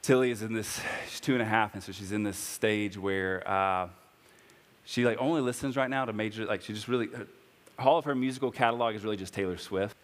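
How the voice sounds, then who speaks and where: A man's voice: a little fast, long reverb tail. A man in his thirties preaching a sermon, earnest and personal, rising to impassioned emphasis. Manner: earnest, builds to impassioned high-pitched preaching. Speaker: pastor.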